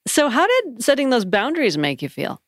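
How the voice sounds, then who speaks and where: A woman co-hosting a podcast, with a lively, animated voice that moves up and down. She asks questions and keeps her replies short and supportive. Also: fairly high pitch, brisk, dry recording, clean studio sound. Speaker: podcast co-host. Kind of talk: casual chat.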